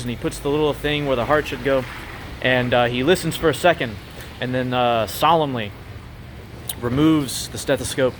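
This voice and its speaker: A man telling a joke in a relaxed, rambling way, full of fillers, outdoors outside a grocery store. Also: medium pitch, a little hiss or hum. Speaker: joke teller.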